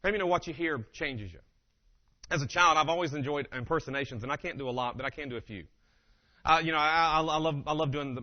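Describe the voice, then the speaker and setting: A man giving a humorous motivational keynote, telling stories with animated delivery and acting out quotes, on a dull lo-fi recording. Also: on the high side, fast talker. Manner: animated, acts out quotes and impressions.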